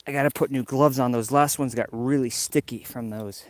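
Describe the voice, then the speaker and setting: Slightly winded as he walks, a livestream host from New York rambles chattily to viewers during a casual outdoor vlog in the snow. He speaks at medium pitch with fairly even intonation and a moderate pace.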